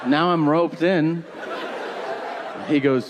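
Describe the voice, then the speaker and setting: A man's voice: fairly high pitch, moderate pace. A man doing stand-up comedy, telling a story with incredulous delivery and acting out both sides of the dialogue. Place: live comedy venue with audience. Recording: live show with audience noise.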